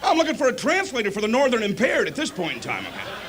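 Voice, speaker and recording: A man from Michigan doing an animated stand-up comedy set on a club stage. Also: sits high, fast talker, slight background noise. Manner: animated storytelling.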